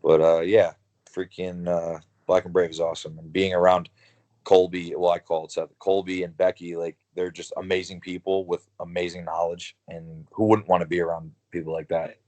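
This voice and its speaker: A young man with a deep voice talks as a guest about his wrestling career. He rambles bluntly, full of fillers and restarts. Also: flat delivery, moderate pace, warm tone. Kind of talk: casual interview.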